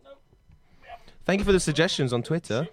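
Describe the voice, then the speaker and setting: A man's voice: fairly high pitch, lively intonation, a little fast, a crowd in the background. A man hosting a comedy podcast in a playful, teasing way. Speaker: podcast host.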